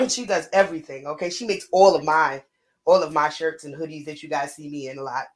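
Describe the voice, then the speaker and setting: A woman's voice: low-pitched, a little fast, rough recording. Chatty New York woman co-host. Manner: chatty, laughing, playful shout-outs. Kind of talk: casual live-stream chat.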